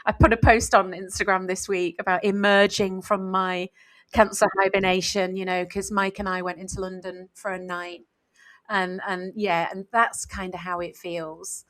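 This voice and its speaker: A woman's voice: medium pitch, little pitch movement, moderate pace, fairly bright tone, rough recording. A woman in her forties, an author co-hosting a podcast, talking in a candid, reflective way with frequent "you know"s and restarts. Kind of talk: casual podcast chat.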